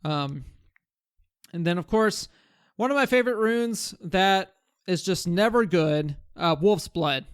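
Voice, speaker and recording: In this casual gaming commentary, a male content creator muses about game changes he wants, wandering along with fillers and restarts. He speaks slowly in a high register with lively intonation, and the sound is smooth, echo-free, and clean studio quality.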